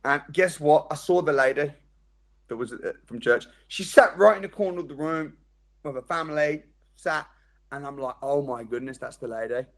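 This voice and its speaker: A man, giving a motivational seminar talk as a training speaker, telling stories with sudden loud jumps and quiet drops. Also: on the high side, moderate pace.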